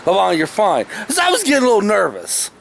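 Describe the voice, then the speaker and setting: A man with a raspy, fry-laden voice pitched a little high tells an old story in a loose, folksy way, often stopping to correct himself. He is filming himself outdoors in the shade, and a faint background noise sits under his voice. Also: huge pitch swings, fairly quick. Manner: rambling, folksy, self-correcting. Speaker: vlogger. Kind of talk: casual storytelling. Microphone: camera he is handling himself.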